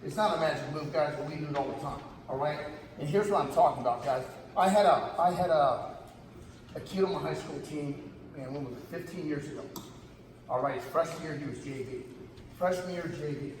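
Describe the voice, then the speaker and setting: A man's voice: on the high side, a little fast. A middle-aged man coaching wrestling at a camp, telling a story animatedly, often calling his listeners "guys" and raising his voice for emphasis. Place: large gym hall. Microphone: camera far from speaker. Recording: echoey gym, distant camera, audible room noise.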